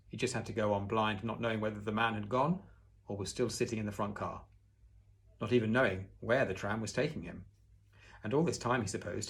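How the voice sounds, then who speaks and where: A man with a low-set voice reads a children's novel aloud, expressively. He sometimes breaks off for a relaxed aside to the listener before diving back into the story. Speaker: audiobook reader.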